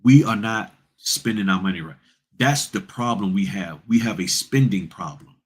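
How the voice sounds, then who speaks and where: A man's voice: fairly low pitch, moderate pace, slightly rough. A man hosting a notary business vlog, giving blunt, straight-talking advice and repeating points for emphasis.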